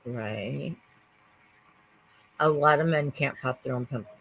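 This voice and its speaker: A woman speaks on a casual gossip panel. She delivers firm, disapproving remarks in a steady conversational way. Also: a bass voice, takes it slowly, creaky, a little hiss or hum, low-quality recording.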